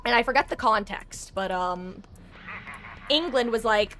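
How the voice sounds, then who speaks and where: A woman's voice: medium pitch, fairly quick, a bit bright, slight background noise. A woman streaming a video game live, giving casual, rambling, self-deprecating commentary as she plays.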